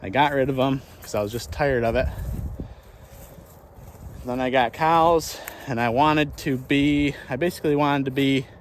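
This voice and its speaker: A man of ordinary, mid-range pitch talks casually as he walks his farm pasture outdoors. He thinks aloud and circles back on his own sentences with frequent restarts. Faint outdoor sound sits behind him. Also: steady tone, moderate pace, slight background noise. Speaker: small farmer and channel host. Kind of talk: casual vlog while walking the pasture.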